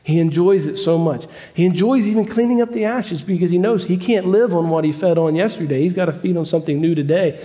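A man's voice: high-pitched, a little fast, hardly any pauses, warm tone, long reverb tail, lo-fi sound. A man preaching a storytelling sermon in a folksy, repetitive and emphatic way.

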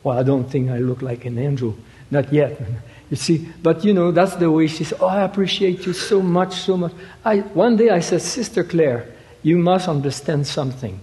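Male preacher. Halting, stop-start delivery with emphatic peaks. Slightly raised pitch, echoing hall. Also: expressive, warm tone. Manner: halting, repeats words, rises to emphatic quoting. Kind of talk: sermon. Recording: reverberant hall.

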